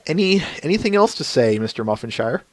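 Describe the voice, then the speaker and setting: A man's voice: fairly high pitch, big pitch swings, fairly quick, dry recording. Chatty male podcast host. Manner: chatty, laughs often. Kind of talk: casual chat.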